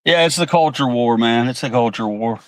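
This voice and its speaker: Speaking briskly at a middle pitch, an American livestream host delivers a heated, profane political rant, pausing at times to read chat comments out loud. His voice sounds dry and close, with almost no room echo.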